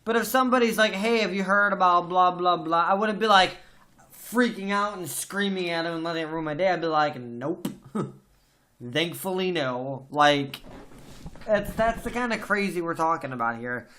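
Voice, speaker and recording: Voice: medium pitch, normal speed, fairly bright tone. A podcast host in a casual book discussion, talking emphatically and venting strong opinions.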